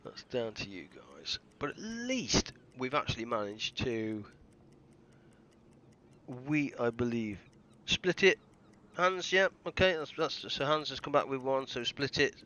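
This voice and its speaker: A man's voice: medium pitch, very animated, a little slow, pushed and bright. Rambling British man streaming a game. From Britain. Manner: rambling, chatty, often restarts sentences. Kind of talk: casual live gameplay chat.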